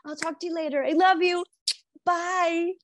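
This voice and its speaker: A woman's voice: very high-pitched, steady tone, moderate pace, dry recording, voice pushed up. A woman acting out an overjoyed friend who is hearing great news, gasping and repeating her exclamations. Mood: ecstatic. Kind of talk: acted demonstration.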